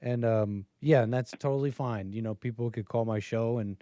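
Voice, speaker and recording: A man's voice: medium pitch, normal speed, dark tone, no room sound. A man hosting a call-in show, talking loosely and trailing off mid-sentence. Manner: loose, conversational, trailing off often. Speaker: talk show host.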